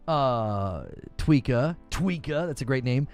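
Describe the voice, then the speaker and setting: A man hosting a gaming show from home, chatting live with viewers in an animated, incredulous, rambling way. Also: medium pitch, normal speed, soft background music. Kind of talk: live-stream chat answering viewers.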